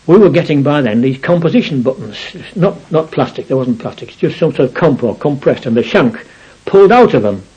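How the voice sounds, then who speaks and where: A man's voice: medium pitch, warm tone, slightly rough, lo-fi sound. An older man recounting his war memories in a rambling storytelling way, often adding "you see". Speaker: war veteran interviewee.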